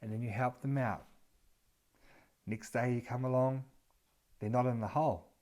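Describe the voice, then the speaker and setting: A man talking to his viewers in a relaxed, conversational manner, walking them through a story as he goes. His voice sits in an ordinary middle pitch. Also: measured pace. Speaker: vlogger. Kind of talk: casual storytelling monologue.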